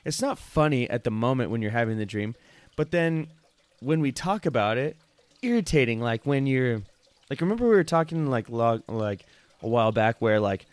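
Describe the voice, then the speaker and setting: A man's voice: mid-range voice, expressive, moderate pace, no room sound. A man co-hosting a podcast in casual chat, rambling with many fillers and calling his friend "dude". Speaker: podcast co-host.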